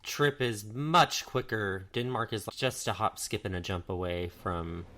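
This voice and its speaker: A man's voice: fairly low pitch, unhurried, pushed and bright, slight background noise. A man co-hosting a podcast, telling history as casual storytelling. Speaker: podcast co-host. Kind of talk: casual chat.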